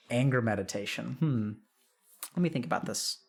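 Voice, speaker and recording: A man's voice: mid-range voice, unhurried, gravelly, pauses often. A middle-aged man, a doctor, chatting casually on a live stream, thinking aloud and reading out chat with frequent restarts.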